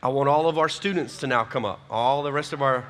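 A man, a youth pastor giving a folksy, energetic closing talk to his youth group. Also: mid-range voice, fairly quick, background noise.

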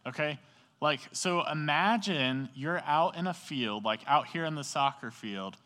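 Here a man's fairly high, bright voice carries a forceful tone, lively intonation and a measured pace. He preaches a relaxed sermon to youth, recounting the story in slangy talk and asking his audience questions. The recording has the echo of an indoor hall beside a sports field, rain falling outside.

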